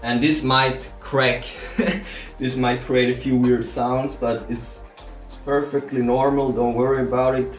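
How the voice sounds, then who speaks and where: A man giving a relaxed, chatty guitar setup tutorial at home. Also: medium pitch, a little slow, reverberant. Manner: relaxed, chatty, laughs at himself. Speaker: guitar vlogger. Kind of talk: casual tutorial.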